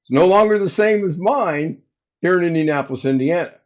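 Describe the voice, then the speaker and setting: A man's voice: on the high side, expressive, brisk. A man hosting a casual livestream from home, telling a story and acting out both sides of a phone call. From United States. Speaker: livestream host. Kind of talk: casual storytelling to live chat. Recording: slightly dull lo-fi sound.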